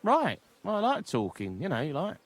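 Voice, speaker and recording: Casting: a high-voiced, stammering cockney-sounding informant in a game, jumpy and wheedling, his pitch leaping around. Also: huge pitch swings, normal speed. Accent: English, cockney-like. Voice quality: stammering, jittery. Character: nervous, stammering male informant in hiding. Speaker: game character. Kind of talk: video game voice acting.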